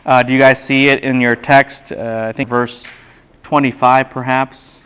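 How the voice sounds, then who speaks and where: A man giving a classroom Bible lecture, animated and quizzing the students with questions. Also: mid-range voice, measured pace, smooth.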